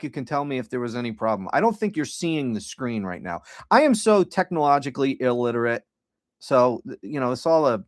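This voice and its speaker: A middle-aged man hosting a casual solo livestream. He rambles and swears, and his tone is sardonic. His voice sits at an ordinary pitch and is recorded dry and close. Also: dry recording. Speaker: podcast host.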